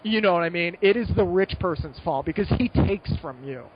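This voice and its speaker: A young man from the States with a rather high voice talks loosely through a story, piling up fillers and restarts as he goes. The sound is a little muffled and dull. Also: fairly quick, a little hiss or hum. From United States. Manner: rambling, animated, lots of fillers and restarts. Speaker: guest. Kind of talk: casual podcast chat.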